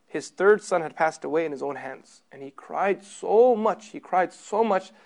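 A man teaching a religious class in a sermon style, emphatic, putting rhetorical questions to his listeners and moving between loud stress and soft low passages. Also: expressive, normal speed, vocal fry.

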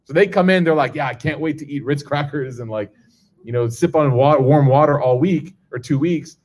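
Speaking at a normal pace in a fairly high, slightly mellow voice, a man delivers a relaxed religious lecture before a live crowd. He frequently asks "okay?" or "right?" to engage listeners, and he raises his voice to play the characters he quotes.

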